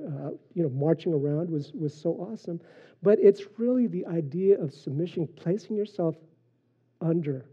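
A man preaching a sermon in a relaxed, conversational way, with frequent fillers and personal stories. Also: high voice, husky. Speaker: pastor. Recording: dull lo-fi sermon recording.

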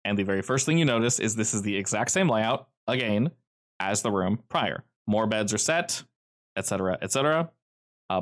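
Man with a very lively voice narrating a game. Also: fairly low pitch. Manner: rambling, filler-heavy, easygoing. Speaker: game master.

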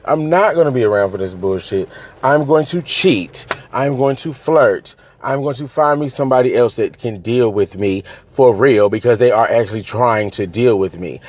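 A man in an angry, profane rant, swinging between raised outbursts and low, bitter muttering. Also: darkish tone.

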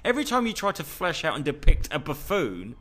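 Male podcast co-host, deadpan teasing banter, bright lively delivery. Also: on the high side, a little fast. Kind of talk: casual comedic chat.

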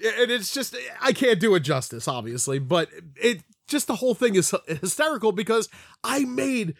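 A man's voice: high-pitched, lively intonation, normal speed, no room sound, studio quality. A man in casual podcast chat, rambling, swearing freely and leaning on "like".

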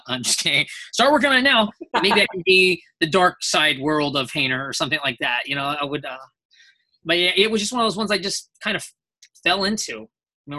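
A man's voice: fairly high pitch, pushed and bright. A man, a voice actor guest in a casual interview, telling rambling anecdotes and acting out quoted voices along the way.

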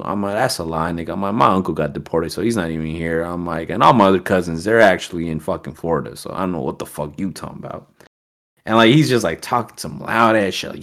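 A man's voice: low-pitched, fast, creaky. A man telling a story as a podcast guest, in a casual streetwise manner with heavy swearing. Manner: streetwise slang, heavy swearing, animated quoting.

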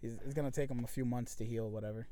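A man co-hosting a podcast, telling a story in casual, animated chat and swearing freely. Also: mid-range voice, quick pace, a little hiss or hum. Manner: animated, swears freely, acts out quoted voices. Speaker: podcast co-host.

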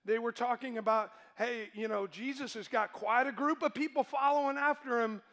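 A man's voice: very high-pitched, steady tone, normal speed, fairly bright tone. A male pastor preaching a sermon to his congregation, emphatic and asking them questions.

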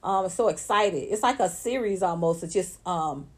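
A woman's voice: on the low side, moderate pace, husky. A woman with ranting bluntly and with a lot of profanity, mocking others in put-on voices as she hosts casual online talk.

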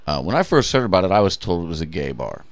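Deep-voiced man chiming into a story. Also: sing-song, quick pace, no echo. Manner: jumps in to add details and correct the story. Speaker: podcast co-host, comedian. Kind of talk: casual storytelling chat.

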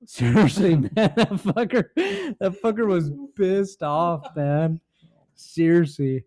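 A man's voice: high-pitched, sing-song, slow pace, dark tone. Swearing man telling a prank story. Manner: profane, rambling, laughs often. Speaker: podcast host. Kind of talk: casual storytelling chat.

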